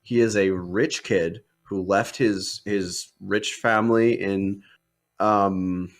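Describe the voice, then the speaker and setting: A man's voice: deep voice, slow. Chatty man full of fillers. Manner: animated, many fillers and restarts, sarcastic. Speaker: podcast co-host. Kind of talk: casual film debate.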